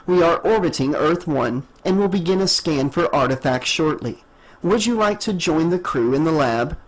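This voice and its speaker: A man voicing a polite male android who speaks in a formal, monotone yet soothing way. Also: on the high side, moderate pace, rough recording. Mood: courteous.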